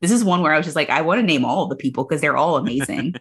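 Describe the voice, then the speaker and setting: A woman's voice: low voice, expressive, rapid-fire, a bit bright, husky. A woman hosting a podcast in casual, joking chat, laughing often between remarks. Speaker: podcast host.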